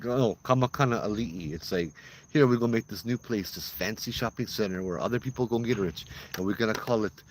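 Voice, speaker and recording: A man's voice: on the low side, brisk, a little hiss or hum. A man casually telling ghost stories as host, chatty and using local slang. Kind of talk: casual storytelling.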